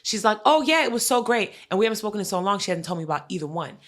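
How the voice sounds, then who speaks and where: Animated woman telling a family story. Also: mid-range voice, racing. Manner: animated storytelling, acts out quoted family members, frequent swearing. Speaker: podcast co-host. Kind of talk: casual chat.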